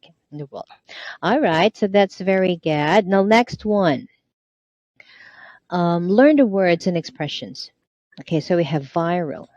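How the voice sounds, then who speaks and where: A woman's voice: on the low side, expressive, a little slow, darkish tone, dry recording, muffled recording. A woman tutoring English online, prompting and correcting a student with encouragement.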